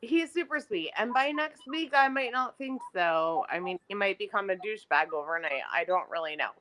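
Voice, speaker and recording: Bright, lively, foul-mouthed woman podcaster. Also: mid-range voice, normal speed, slight background noise. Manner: animated, blunt, swears freely, self-mocking. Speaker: podcast co-host. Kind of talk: casual chat.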